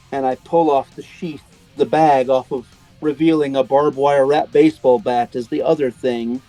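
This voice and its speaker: A man's voice: mid-range voice, fairly even intonation, dark tone, dry recording, faint music behind, low-quality recording. A man playing a tabletop wrestling game, speaking his character's promo in a theatrical, mocking way. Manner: slow, theatrical, mocking delivery. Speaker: player.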